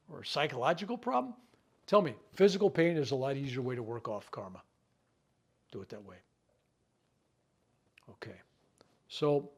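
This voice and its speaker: A reverend leading a healing workshop, talking in a folksy, conversational way. He jokes, asks rhetorical questions and acts out what people might say. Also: a little high. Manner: acts out people's words in quick asides. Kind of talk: spiritual teaching talk to a live group.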